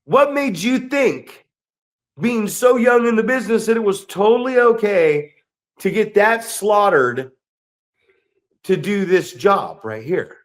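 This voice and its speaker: Speaking slowly in a high, expressive voice, a middle-aged man rants and curses freely while co-hosting a laid-back wrestling podcast. He's a professional wrestler himself.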